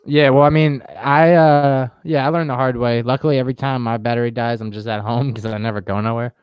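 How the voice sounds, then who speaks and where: A man's voice: medium pitch, steady tone, fairly quick, clean tone, no echo, lo-fi sound. A young man on a podcast, laid-back and joking, swearing casually as he tells a story. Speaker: podcast co-host. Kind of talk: casual chat.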